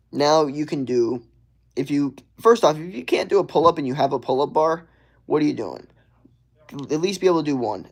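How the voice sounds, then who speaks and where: Young guy on stream, chill drawl, kinda gravelly. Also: fairly high pitch. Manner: laid-back, drawling, says "bro" and "hell yeah" a lot. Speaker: livestreamer. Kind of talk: casual livestream chat reading viewer comments.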